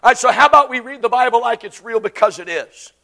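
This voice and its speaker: A woman preaching a sermon, impassioned and emphatic, swinging from loud declarations to hushed lines. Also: a little high, expressive, fast talker.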